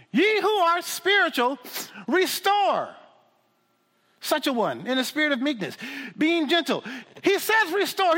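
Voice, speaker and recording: A man preaching a sermon in an animated, humorous way, with frequent restarts and asides. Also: very high voice, long reverb tail.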